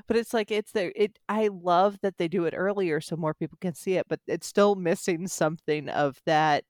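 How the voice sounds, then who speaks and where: A young American speaker in their twenties chatting casually on a podcast, telling stories in a quick, animated way with frequent restarts. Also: mid-range voice, no room sound, studio quality. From United States. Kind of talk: casual chat.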